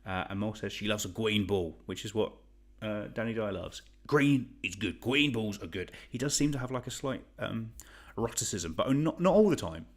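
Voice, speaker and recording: Chatty quiz host, lowish voice. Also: male voice, lively intonation, fairly quick, hardly any pauses, darkish tone. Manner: chatty, rambling, joking. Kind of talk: live online quiz hosting.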